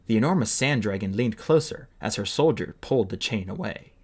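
A man reading a fantasy novel aloud as an expressive audiobook narrator. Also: fairly low pitch, brisk, few pauses, husky. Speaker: audiobook reader. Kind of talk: storybook narration.

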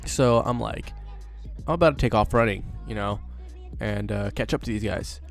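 A man's voice: lowish voice, moderate pace, gravelly, soft background music. Young man rambling through a story. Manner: rambling, profane, lots of fillers. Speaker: vlogger. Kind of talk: casual storytelling.

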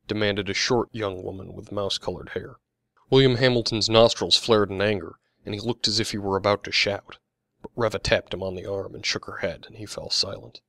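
A man narrating his own mystery novel as an audiobook, in a steady, plain storytelling manner. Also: low voice, fairly quick, vocal fry, no echo, clean studio sound.

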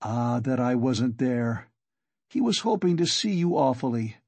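A man's voice: medium pitch, very animated, measured pace, darkish tone, no room sound. A man reading a drunk, rambling young man. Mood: excited. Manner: rambling and eager. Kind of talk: audiobook character reading.

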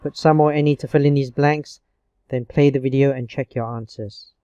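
A man's voice: mid-range voice, steady tone, dark tone, smooth, no room sound. Patient male teacher, muffled recording. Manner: slow, patient explaining with frequent okays. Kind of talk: online grammar lesson. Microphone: screencast recording mic.

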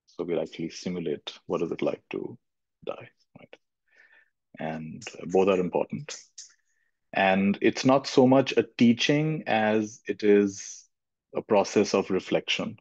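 A middle-aged man with a low voice leads a reflective spiritual session, gentle and thoughtful, often circling back on his phrases. His voice sounds dry and close. The recording is dull and lo-fi. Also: a little slow, no echo. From India. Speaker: spiritual teacher.

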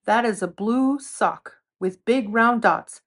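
A woman voicing a fussy fox who has lost his sock, in a high, eager, exclaiming voice. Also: takes it slowly, fairly bright tone. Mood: insistent.

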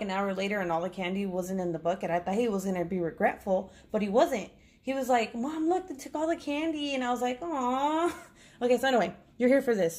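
A woman's voice: mid-range voice, darkish tone. A woman in her thirties, a crafting vlogger, chatting casually and rambling through family stories while unboxing a kit. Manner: rambling storyteller, chatty, laughs often.

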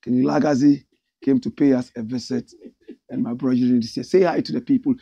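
A man with a Ghanaian accent hosting a casual livestream, animated as he reads out viewer comments. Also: medium pitch, brisk, creaky, breathy edge, no echo, muffled recording. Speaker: host.

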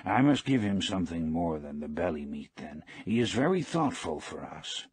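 A man reading the dialogue of a poor, gentle old fisherman in a calm, plain audiobook style. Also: low-pitched, normal speed, slightly rough, no room sound, full character voice.

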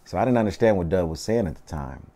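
A man in his thirties with a Southern Californian accent, telling stories in a relaxed, slangy way during a casual interview, full of "you know what I mean". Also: low voice, quick pace. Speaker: interview guest, rapper.

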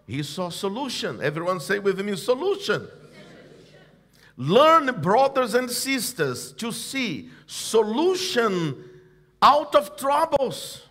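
A man preaching in a church service, his voice pitched high and swinging widely as he drives each point home. He takes it slow and deliberate, pausing to prompt the church to answer back. His phrasing is emphatic and repetitive, building line on line. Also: big pitch swings, fairly bright tone. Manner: call-and-response preaching, prompting the congregation to repeat. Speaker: pastor. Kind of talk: sermon.

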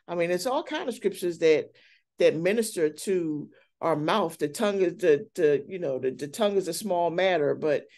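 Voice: mid-range voice, creaky, warm tone. A church elder speaking earnestly and candidly in a casual Bible study, often restarting sentences.

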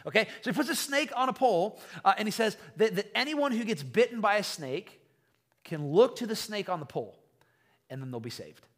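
A male pastor delivers a sermon in a casual, conversational way, full of quick restarts. His voice sits a little on the high side, and he swings between lively emphasis and quiet asides. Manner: animated, storytelling, frequent restarts.

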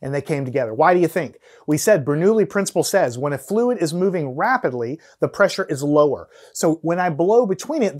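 A man's voice: fairly high pitch, darkish tone. Man explaining physics demos. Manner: explains step by step, counts down before each demo. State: out of breath at times from blowing. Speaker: science teacher. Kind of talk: hands-on physics demonstration.

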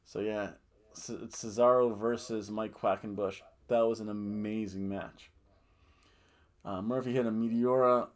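On his casual wrestling review podcast, a male host rambles with animated energy, often laughing and booing in mock outrage. His voice is lowish and his pace measured.

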